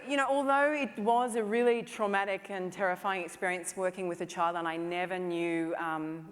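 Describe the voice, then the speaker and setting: A woman speaks from a conference stage, sharing anecdotes about her work in a loose, chatty way full of fillers. Her voice sits a little low. A long reverb from the hall trails after her words. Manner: chatty storytelling, many "you know" fillers. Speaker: film director giving a talk.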